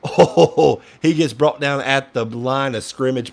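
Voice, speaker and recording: A man's voice: medium pitch, animated, a little slow, creaky, hardly any pauses. A young man giving casual fan play-by-play commentary, frustrated and ranting at the play calling, sometimes swearing.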